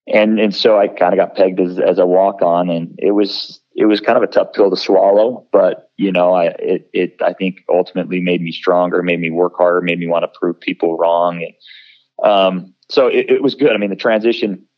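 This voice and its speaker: Deep-voiced guy in his 30s recalling football days, lots of restarts, kinda muffled lo-fi sound. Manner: halting, many restarts and fillers, lively when quoting others. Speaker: guest, former college football player. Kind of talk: conversational interview storytelling.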